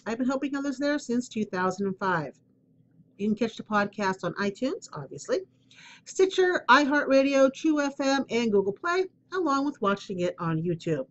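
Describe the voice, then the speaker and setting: With a cough drop in her mouth, a podcast host rambles openly through her solo spiritual advice show, using plenty of fillers. Her fairly high voice is sing-song at a moderate pace, on dull audio with a little hiss or hum.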